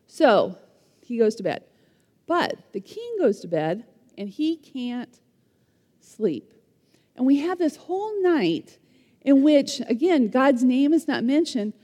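A woman tells a Bible story as a lively lesson and keeps asking her listeners questions. Her voice is high with a warm, mellow tone. A long reverb trails behind her words. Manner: animated, asks the listeners questions. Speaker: teacher retelling a Bible story.

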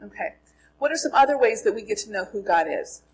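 A woman's voice: mid-range voice, animated, fairly quick, slightly rough, low-quality recording. A middle-aged woman from Minnesota teaching a Bible class, asking her listeners questions and then answering them herself. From Minnesota, USA. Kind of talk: Bible lesson to a group.

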